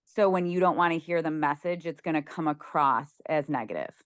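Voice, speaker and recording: A woman's voice: deep voice, moderate pace, clear, resonant tone, no echo, studio quality. A young woman chatting casually on a video call from her bed, filling her talk with "like". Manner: chatty, many "like" fillers, laughs easily. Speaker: group member sharing. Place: lying on a bed at home.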